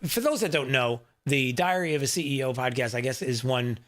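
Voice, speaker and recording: A man's voice: medium pitch, fairly quick, fairly bright tone. A male talk radio host speaking from a studio. He rambles in a casual, chatty way, full of fillers and asides to his producer off-mic.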